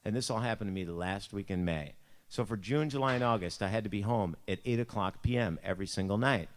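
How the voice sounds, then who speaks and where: A quick-paced speaker with a fairly low voice, this Buffalo, New York native has the city's accent as he recounts a self-deprecating personal story in a church devotion. He keeps it chatty and imitates the voices of the people in his anecdotes.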